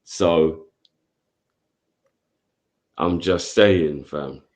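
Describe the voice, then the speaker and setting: Man, very deep voice, calm, measured, casual football chat. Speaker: football podcast co-host.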